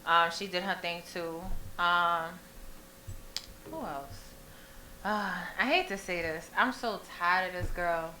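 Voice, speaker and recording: Woman radio host, bright forward voice, slangy and teasing, roomy room. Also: on the low side, slow pace, a little hiss or hum. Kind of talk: casual radio chat.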